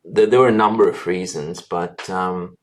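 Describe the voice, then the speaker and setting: Speaking in a steady tone, a doctor in his thirties with a very deep voice earnestly describes his life in a long interview answer as the guest. Fillers and restarted sentences come up often.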